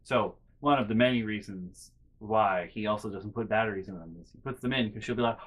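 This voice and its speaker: A young man vlogging, telling a casual, rambling story full of restarts and quiet muttered asides. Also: lowish voice, fairly quick, husky. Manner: rambling, self-interrupting with fillers and restarts.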